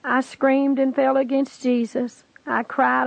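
A woman's voice: high voice, flat delivery, takes it slowly, gravelly, no room sound, low-quality recording. A woman giving an earnest, pleading testimony, telling her story and urging the listener to believe. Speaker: testimony speaker. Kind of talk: preached testimony narration.

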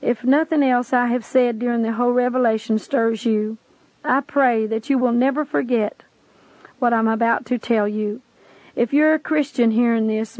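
A woman's voice: a little high, a little mellow, no echo, poor audio. A woman giving an earnest, pleading testimony, telling her story and urging the listener to believe. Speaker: testimony speaker. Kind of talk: preached testimony narration.

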